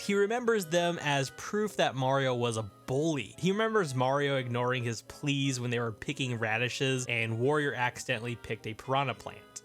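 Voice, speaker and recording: Male video host, fairly high voice, sarcastic and blunt with lots of swearing; soft music bed underneath. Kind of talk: comic book review commentary.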